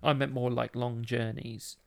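A young man with a Black Country accent, chatting loosely as a podcast co-host. His voice has a gravelly, creaky edge, and he rambles through stories and laughs a lot. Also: mid-range voice, flat delivery, unhurried. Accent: Black Country English. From Dudley area, West Midlands England. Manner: rambling storyteller, laughs often. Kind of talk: casual podcast chat.

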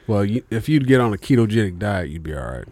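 A man's voice: lowish voice, very animated, fast talker, dark tone, no room sound. A man co-hosting a casual podcast, telling a rambling, profane story with lots of fillers. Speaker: podcast co-host.

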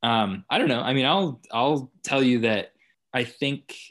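A man's voice: mid-range voice, unhurried, a bit bright. A young adult man guesting on a podcast in casual chat, laid-back and swearing freely. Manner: laid-back, swearing, mock-enthusiastic bursts.

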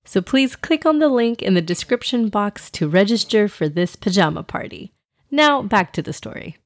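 A woman's voice: medium pitch, expressive, moderate pace, dry recording, clean studio sound. A woman hosting and narrating a children's story podcast, upbeat and talking straight to young listeners. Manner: warm, upbeat, addresses kids directly.

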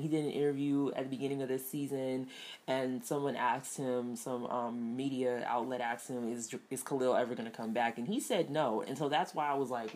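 Low-voiced woman chatting a TV review. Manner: chatty, laughs often, many fillers. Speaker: TV show reviewer. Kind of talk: casual review chat.

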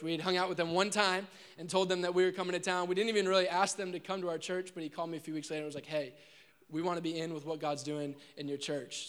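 A man, a pastor introducing a guest preacher and praying before the congregation, jokey and upbeat, then earnest. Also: fairly high pitch. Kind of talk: church stage introduction and prayer. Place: church service before a congregation.

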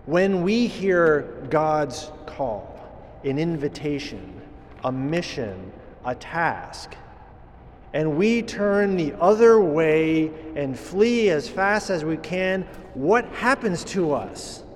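A man gives a homily in an easy, chatty manner, stumbling and restarting his phrases as he goes. His voice sits a little high for a man. A long church reverb follows each word over a faint hum of noise. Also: big pitch swings. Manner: conversational, halting with many restarts. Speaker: priest.

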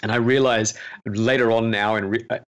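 A man's voice: fairly low pitch, steady tone, a little fast. A man, a film director, chatting earnestly in an interview and telling stories with self-deprecating humor. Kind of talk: casual interview chat.

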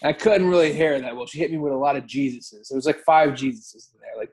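A man's voice: fairly high pitch, quick pace, a little mellow, breathy edge. A man co-hosting a podcast, telling rambling, profane stories in casual chat and often correcting himself. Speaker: podcast co-host.

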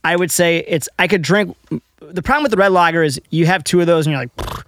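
A man's voice: a little high, fast talker, fairly bright tone, a little hiss or hum. A man co-hosting a casual beer tasting chat, talking in a chatty, enthusiastic way. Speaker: beer review show co-host.

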